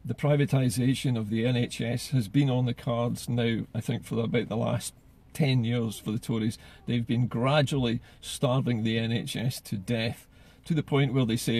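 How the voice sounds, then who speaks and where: A man's voice: medium pitch, fairly even intonation, moderate pace, hardly any pauses, a little mellow. A man giving solo political commentary in an earnest way, often repeating words as he gathers his thoughts.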